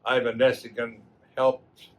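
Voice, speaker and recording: A man in his eighties from Wisconsin, a school alumnus, telling old stories in a halting way full of fillers. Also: mid-range voice, completely flat delivery, a bit bright, poor audio. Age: 80s. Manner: halting, many fillers and restarts. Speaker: alumnus guest. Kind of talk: reminiscing storytelling.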